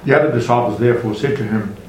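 Man, group member, reads scripture aloud, mid pitch, echoey room, faint background noise. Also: very fast, a little mellow. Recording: roomy, distant mic.

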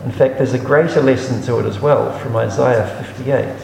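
A man's voice: medium pitch, moderate pace, vocal fry, a little mellow, slight background noise. A man reading Bible passages aloud and explaining them in a reflective teaching manner. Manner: reads scripture aloud then explains it, reflective. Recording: echoey room with long reverb.

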